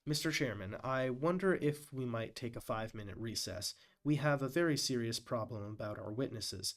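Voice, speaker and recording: A man live-streaming as he reads a hearing transcript aloud, deliberately voicing every quote and end quote marker. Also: medium pitch, expressive. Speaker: live-stream reader and commentator.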